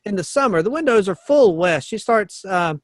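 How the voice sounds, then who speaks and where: A man's voice: high-pitched, animated, moderate pace, dry recording. A man co-hosting a podcast, casually discussing a novel and reading passages aloud with small chuckles and asides. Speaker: pastor and podcast co-host.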